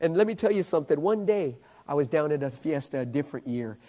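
A man preaching, telling a story as a sermon in an animated way and building suspense with repeated questions. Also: on the high side, fast. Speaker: street preacher. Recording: echoey hall.

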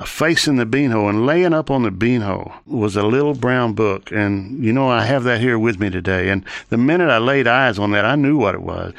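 Gravelly low-voiced man telling his story. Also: a bit bright, dry recording. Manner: earnest storyteller, long chained sentences. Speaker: interview guest telling his testimony. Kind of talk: personal testimony in an interview.

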